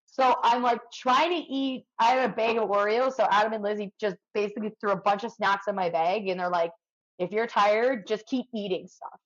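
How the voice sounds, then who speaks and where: A woman from Canada talks as a podcast guest, and her voice sits at an everyday middle pitch. She tells her story in a chatty, animated way and leans on "like" as a filler. The recording sounds a little dull and muffled. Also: moderate pace. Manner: chatty, lots of "like" fillers, vivid retelling. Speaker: podcast guest, firefighter and ultra runner.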